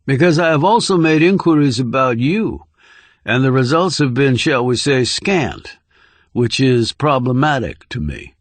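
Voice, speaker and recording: A man voicing a menacing middle-aged male interrogator who speaks formally, slowly and with condescension. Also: mid-range voice, sing-song, no echo. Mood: cold.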